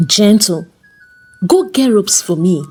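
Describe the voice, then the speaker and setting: A woman's voice: medium pitch, lively intonation, slow, darkish tone, breathy edge, soft background music. A woman voicing a ruthless, wealthy middle-aged male chief who speaks in a cold, domineering way, in a storybook reading. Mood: commanding.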